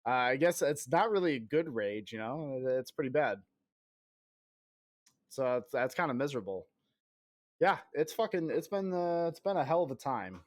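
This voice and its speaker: A man's voice: medium pitch, animated, moderate pace, pauses often, dry recording, clean studio sound. A man in his thirties chatting casually on a game stream. He rambles, mocks himself and swears, and still coughs now and then while getting over an illness. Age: 30s. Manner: rambling, self-mocking, profane.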